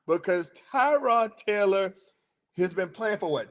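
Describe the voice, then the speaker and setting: A man hosts a loose sports talk stream, talking in slangy, excitable rambles. His voice sits a little high and leaps all over as he gets worked up. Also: slow pace. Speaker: sports podcast host. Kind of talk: casual sports talk livestream.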